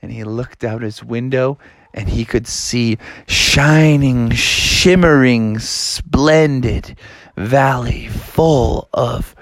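A man's voice: medium pitch, dry recording. A man narrating a read-along children's story in a casual, playful way.

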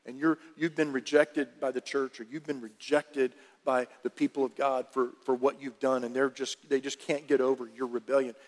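Male pastor, sermon, animated emphatic delivery, long church reverb. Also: mid-range voice, moderate pace, few pauses. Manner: animated, emphatic preaching with repetitions.

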